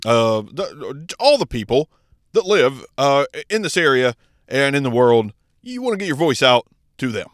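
A man's voice: mid-range voice, big pitch swings, measured pace, no echo, studio quality. A man putting on the voice of a man giving a grand political speech, in an emphatic speechmaker cadence. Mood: rousing.

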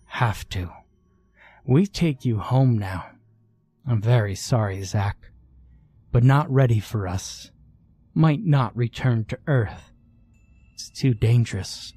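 A mournful moth-like alien speaks in halting, clipped fragments, slow and heavy, with a husky, dark tone, as a male horror narrator puts it on. Its voice sits dry and close, with faint music underneath. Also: medium pitch, no echo. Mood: apologetic. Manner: slow, clipped, broken phrases. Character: sorrowful moth-like alien creature, halting broken speech.

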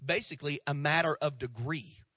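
Guy voicing a chill dad explaining stuff, bright and dry. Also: on the high side, a little fast, breathy edge, no echo, voice pushed down. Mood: wry. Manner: calm, matter-of-fact. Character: calm, wry father teaching his daughter.

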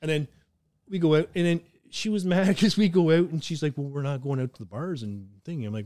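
This man talks fast in a slightly high voice, swearing and laughing his way through casual stories on his podcast. He hails from southern Ontario, Canada, and the clean studio sound carries no echo.

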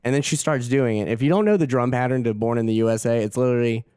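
A man's voice: medium pitch, rapid-fire, clear, resonant tone, no echo, clean studio sound. A young adult man, a guest actor, telling a story casually and acting out the quotes with laughs. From Augusta. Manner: animated, laughing, acts out quotes.

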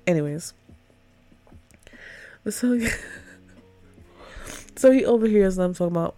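A woman's voice: lowish voice, lively intonation, normal speed, pauses often, mellow. A woman giving a casual, sarcastic book review rant, full of swearing and filler words. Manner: sarcastic, profane, heavy use of "like".

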